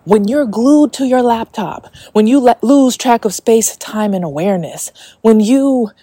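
A woman's voice: fairly high pitch, animated, unhurried, dark tone, husky, no echo. A woman hosting a casual spiritual podcast, talking in a chatty way with lots of fillers and frequent swearing. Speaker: podcast host.

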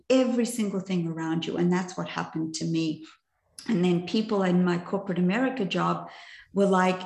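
An older woman with a low, gravelly voice recounts her path into coaching in a chatty, self-deprecating way. She keeps checking in with her listeners and speaks in an echoey room. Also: darkish tone. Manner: chatty, self-mocking, frequent "right?" asides. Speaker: coach and presenter. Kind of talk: personal story in a masterclass talk.

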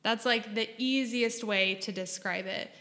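A woman's voice: on the high side, unhurried, bright, forceful tone, long reverb tail. A woman hosting a podcast, giving earnest, emphatic advice straight to her listeners in a casual monologue. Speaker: podcast host.

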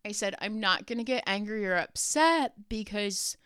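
Woman podcast host, bright and clear, animated storyteller, close dry sound. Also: medium pitch, normal speed, no room sound. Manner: animated, laughs often, swears casually. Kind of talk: personal storytelling.

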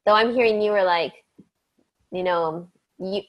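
A woman's voice: medium pitch, unhurried, dull audio. A woman in casual chat, reflecting aloud and restarting her sentences as she thinks.

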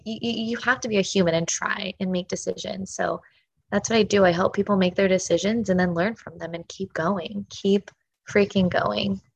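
A woman hosting a casual podcast chat as a spiritual business coach, gushing and emphatic, breaking into animated outbursts. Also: mid-range voice, gravelly, slightly rough. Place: home, with a dog running around.

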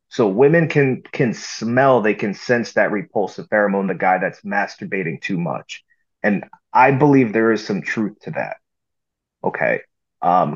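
A man's voice: lowish voice, slightly rough. A man co-hosting a podcast, speaking confidently in casual chat and addressing listeners directly. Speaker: podcast co-host. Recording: dull lo-fi sound.

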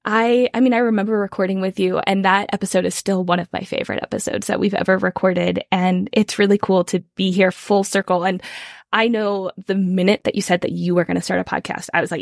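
A woman's voice: medium pitch, fairly even intonation, fairly quick, creaky, no echo, clean studio sound. Enthusiastic woman podcast guest. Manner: enthusiastic, warm-hearted, says like a lot. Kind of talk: casual podcast chat.

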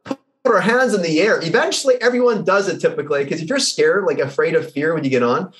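A man's voice: a little high, fast. A man who works as a results coach, a podcast guest telling anecdotes and acting out the people in them. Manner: animated storyteller who acts out the people in his anecdotes. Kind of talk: conversational interview.

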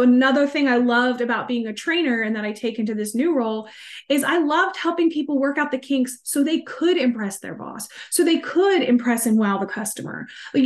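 A woman in her thirties, a sales coach hosting a casual podcast in an energetic, chatty coaching tone. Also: on the high side. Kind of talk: casual solo podcast talk.

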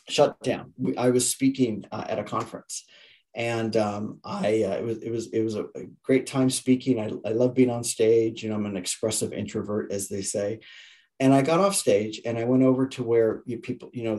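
A man's voice: lowish voice, mellow. A man in his fifties, a leadership coach guesting on a podcast, telling stories earnestly with frequent restarts and repeated words. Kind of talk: conversational storytelling.

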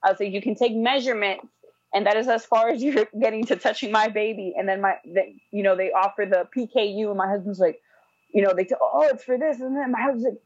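A young adult woman telling a personal story in casual, animated talk, acting out the people she quotes. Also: medium pitch, quick pace, no echo, lo-fi sound. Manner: animated, acts out quoted voices, frequent "like". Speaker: guest telling her birth story.

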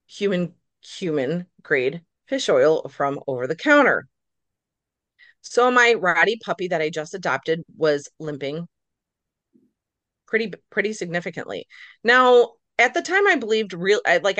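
A middle-aged woman, a nurse practitioner, telling her story as a podcast guest in a lively, casual way, acting out her own reactions. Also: lowish voice, no echo. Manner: animated, acts out her own reactions in quotes.

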